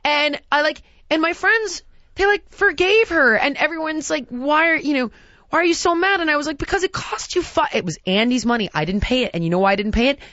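A woman hosting a casual chat, telling a story in an animated, exasperated way and acting out what people said. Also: sits high, brisk, no room sound, highs cut off. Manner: animated, exasperated, acts out quotes. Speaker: podcast host.

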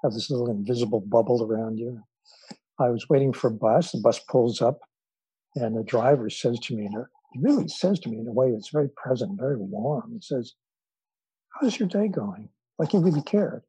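A man, an author and guest, telling stories in an interview in a measured way with frequent fillers. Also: mid-range voice, warm tone, slightly rough, no room sound, rough recording. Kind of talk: storytelling in an interview.

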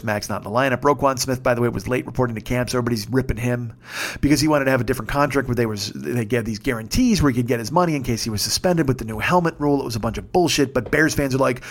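A man in his fifties telling a story in a casual podcast monologue, swearing freely and shouting when he gets worked up. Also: mid-range voice, racing. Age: 50s. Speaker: podcast host.

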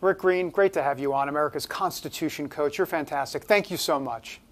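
A man's voice: fairly high pitch, a little fast. A man hosting a live talk show, joking around in a playful, rambling, self-mocking way.

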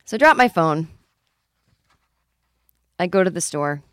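A woman's voice: on the low side, lively intonation, a little slow, no echo, clean studio sound. A woman comedian hosting her podcast, telling a rambling, self-deprecating story and swearing casually. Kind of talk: comic storytelling monologue.

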